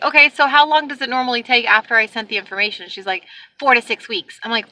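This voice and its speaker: A woman vlogger telling a story to the camera from her car, animated and exasperated as she acts out the people she talks about. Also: a little high, fast talker, no room sound. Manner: animated, exasperated retelling with acted-out quotes.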